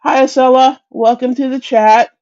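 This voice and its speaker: A woman's voice: sits high, fairly even intonation, moderate pace, darkish tone, highs cut off. A woman hosting a casual crochet chat livestream, greeting viewers by name, chatty and self-deprecating, often restarting her sentences. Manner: frequent restarts and stumbles.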